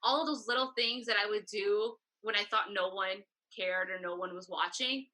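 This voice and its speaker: A woman's voice: mid-range voice, moderate pace, poor audio. A woman in her thirties, a photographer guest telling stories in a casual interview and acting out the exchanges she quotes. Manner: animated storyteller, acts out quoted exchanges.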